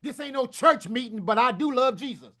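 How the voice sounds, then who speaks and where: A man, preaching a hyped motivational talk to a summit audience. He works the crowd in call-and-response, with folksy phrases and sudden bursts of shouting. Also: very high-pitched, expressive, a little fast. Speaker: book coach and summit speaker.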